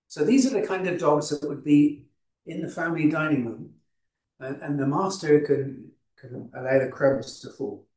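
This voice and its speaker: Preacher, roomy and off-mic. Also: male voice, a little high, darkish tone, distant mic. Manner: unhurried, with frequent restarts and fillers. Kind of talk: sermon.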